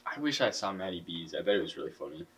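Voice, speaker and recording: A teenage boy speaking as a podcast guest in casual chat, with a monotone delivery. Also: low voice, very fast, far from the mic, a crowd in the background. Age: teens. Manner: self-described monotone.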